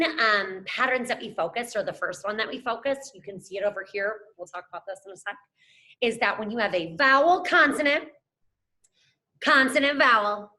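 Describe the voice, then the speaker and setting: A woman's voice: fairly high pitch, bright, forceful tone. A young adult woman teacher giving a phonics lesson to children, upbeat and encouraging, talking to them as friends. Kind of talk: scripted classroom lesson to camera.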